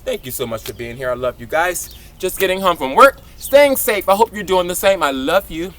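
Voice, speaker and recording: A man, hosting a casual outdoor gardening vlog in an exuberant, affectionate, very animated way. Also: sits high, a little fast. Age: 40s. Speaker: gardening channel host. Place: outdoors in a garden, hot day.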